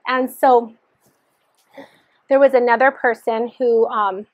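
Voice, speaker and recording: A woman's voice: fairly high pitch, steady tone, slow, no room sound. A woman sharing her personal testimony in an earnest storytelling manner, re-enacting the dialogue as she recalls it.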